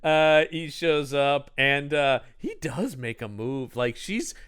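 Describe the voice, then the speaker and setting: A man co-hosting a casual podcast, recapping a movie with animated delivery and frequent laughter. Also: fairly high pitch, takes it slowly, clean tone. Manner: animated, laughs often, acts out characters. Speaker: podcast co-host.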